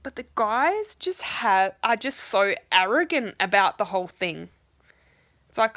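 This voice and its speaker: A young woman talks straight to her audience in a casual, frustrated rant, swearing often and acting out what others said. Her voice is bright and forward. The recording is dry and close, with no room sound. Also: medium pitch, sing-song, unhurried, dry recording. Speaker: vlogger. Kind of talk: casual ranting vlog.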